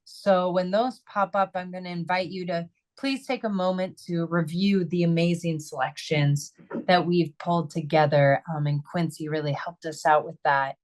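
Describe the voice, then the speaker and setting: A woman's voice: on the low side, steady tone, normal speed. A woman hosting an online webinar, giving closing announcements and a donation appeal in an upbeat, conversational way. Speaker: webinar host. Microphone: video call.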